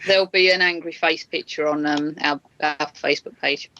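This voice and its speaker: Male co-host, flat playful banter, tense bright tone, dull lo-fi sound. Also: fairly high pitch, normal speed. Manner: short playful replies. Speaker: radio co-host. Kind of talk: casual radio banter.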